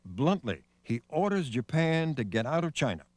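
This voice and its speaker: A man narrating a television news documentary in a measured, grave scripted delivery. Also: on the high side, very animated. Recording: faint noise on a VHS broadcast.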